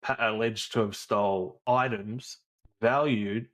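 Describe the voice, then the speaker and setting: A man's voice: fairly low pitch, steady tone, slow pace, a bit bright. A man co-hosting a podcast in casual chat, easygoing and explaining at length. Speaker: podcast co-host.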